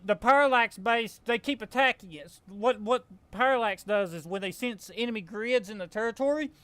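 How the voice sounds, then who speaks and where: A man's voice: high-pitched, normal speed, pushed and bright, clean tone, no room sound. A young man with a Southern US accent, casually talking through a survival game and venting his frustration as the channel host. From American South. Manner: frustrated, rambling, self-correcting. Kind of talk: casual gameplay commentary.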